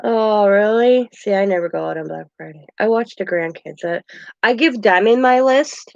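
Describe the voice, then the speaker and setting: A woman's voice: medium pitch, moderate pace, gravelly, dry recording. An older woman hosting a craft channel, chatting in a rambling, meandering way at home and chuckling often. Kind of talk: casual rambling chat. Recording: dull dry lo-fi sound.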